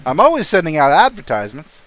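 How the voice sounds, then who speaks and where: A man voicing a dry, deadpan male scrapyard shopkeeper in a tabletop game. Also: fairly high pitch, quick pace.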